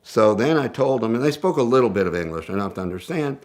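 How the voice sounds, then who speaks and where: A man telling a story in a casual, animated way, often repeating himself as he goes. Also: mid-range voice, fast. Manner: animated, conversational, self-interrupting. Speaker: guest storyteller.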